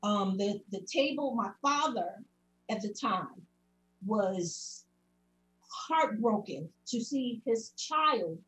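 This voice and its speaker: A woman's voice: on the high side, low-quality recording. A woman speaking at a public comment session, earnestly recounting a personal experience in detail and often quoting what was said. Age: adult parent. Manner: earnest, recounting events in detail with many quotes. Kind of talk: personal testimony at a public meeting.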